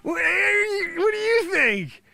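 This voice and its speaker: A man's voice: very high-pitched, sing-song, unhurried, creaky, sharp tone, no room sound. A man doing an improvised comedic rant, exasperated and rambling. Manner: exasperated, rambling, repeats "freaking". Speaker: comedy performer.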